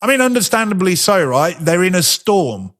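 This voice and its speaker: A man teaching a sermon in a conversational way, asking rhetorical questions and slowing down to stress his points. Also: high voice, sing-song, fairly bright tone.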